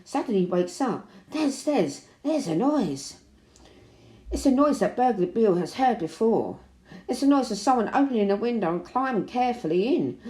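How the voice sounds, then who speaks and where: A woman reading a children's picture book aloud in an expressive, animated way. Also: on the high side, moderate pace. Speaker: storybook reader. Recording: roomy echo.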